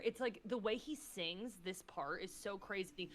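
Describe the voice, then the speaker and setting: A woman's voice: medium pitch, normal speed, a bit bright. Gushing, foul-mouthed woman guest. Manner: effusive, swears freely, fillers of "like"; emotional, gushing. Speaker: podcast guest. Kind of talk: impassioned casual chat.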